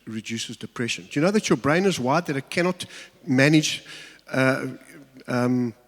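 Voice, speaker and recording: A middle-aged man preaching a sermon, telling stories with humor and acting out asides. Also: fairly high pitch. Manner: humorous storytelling with acted-out asides. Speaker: pastor. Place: church hall. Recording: long reverb of a church hall.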